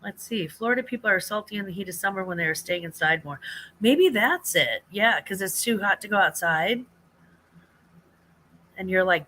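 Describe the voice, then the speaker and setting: An older woman hosts a relaxed live chat, her voice bright and clear at a middle pitch. She rambles along, restarting sentences, trailing off with fillers and often breaking into laughter. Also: normal speed, a little hiss or hum. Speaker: livestream host.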